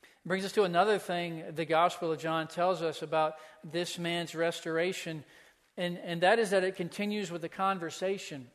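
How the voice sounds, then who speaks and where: High-voiced pastor preaching in a reverberant hall. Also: male voice, flat delivery, moderate pace, fairly bright tone. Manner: earnest preaching with rhetorical questions. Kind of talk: sermon.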